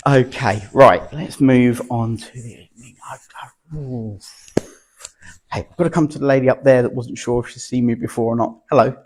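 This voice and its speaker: A man's voice: medium pitch, moderate pace, pauses often, slight background noise. A man, a medium talking casually to an audience, chatty and self-deprecating, with many ums. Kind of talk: platform mediumship demonstration. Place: spiritualist church hall.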